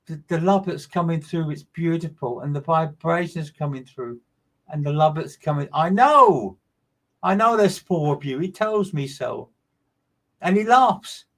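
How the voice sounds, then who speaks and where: Man, somewhat high voice, medium, live streamed reading, emphatic, repetitive, greets listeners by name. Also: moderate pace.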